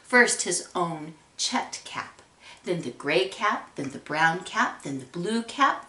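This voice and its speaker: A woman reading a children's story aloud in an expressive, drawn-out way, recorded in an echoey room. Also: lowish voice, recorded from a distance. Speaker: storybook reader.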